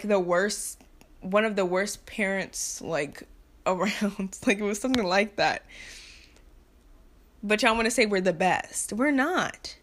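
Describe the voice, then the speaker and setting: A woman's voice: medium pitch, fairly bright tone. A young woman from the United States delivering an impassioned, frustrated rant to camera, blunt and repetitive, with nervous laughs between points. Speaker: vlogger.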